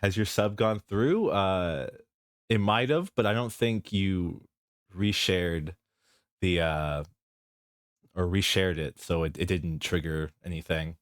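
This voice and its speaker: Slow, deep-voiced giggly young man. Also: no echo. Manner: giggly, easily breaks into laughter; mock-grand, playful self-introduction. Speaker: vtuber streamer. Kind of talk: casual live stream chat.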